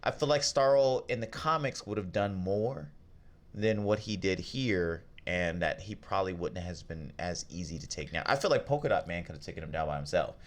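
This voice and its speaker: A man co-hosting a casual film review podcast, talking in an animated way and acting out lines from the movies. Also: sits low, moderate pace. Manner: animated, acts out quotes in lively voices. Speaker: podcast co-host.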